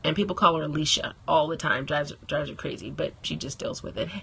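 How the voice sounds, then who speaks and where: Beauty blogger, female, live-stream host. Husky, bright tone. Chatty, laughs often, greets viewers by name. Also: low voice, brisk. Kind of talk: casual live-stream chat.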